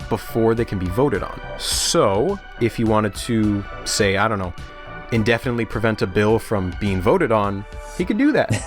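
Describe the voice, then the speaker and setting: Male documentary narrator, lowish voice, measured and dry, over music. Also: expressive. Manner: measured storytelling with dry humor. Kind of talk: scripted narration.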